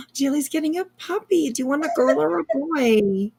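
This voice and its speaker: A woman hosting a casual livestream, reading viewer comments aloud in a gushing, excitable way. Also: sits high, normal speed, gravelly. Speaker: livestream host.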